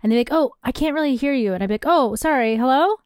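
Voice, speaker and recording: Relaxed woman podcast host, dry mic. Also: high-pitched, very fast, clean tone, no room sound. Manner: conversational, filler-heavy, reads listener emails aloud. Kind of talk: casual chat.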